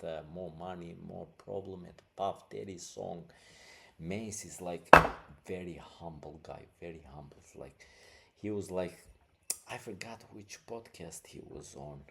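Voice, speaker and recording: A man's voice: sits low, creaky, heavy background noise. A man hosting a podcast, talking casually and rambling, with many fillers. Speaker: podcast host. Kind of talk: casual commentary.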